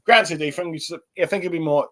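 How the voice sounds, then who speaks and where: A man's voice: on the high side, normal speed, pushed and bright. A young man giving a casual spoken review, rambling with lots of fillers and restarts. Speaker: anime and manga reviewer.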